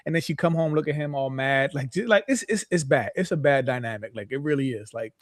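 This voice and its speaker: A man's voice: medium pitch, animated, quick pace, few pauses, no room sound, clean studio sound. A man co-hosting a podcast in casual chat, talking emphatically and asking repeated rhetorical questions. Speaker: podcast co-host.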